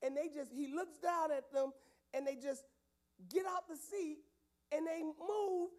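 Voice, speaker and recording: A youth pastor telling a story to young people in a lively, casual way, with loud outbursts. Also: male voice, extremely high pitch, measured pace.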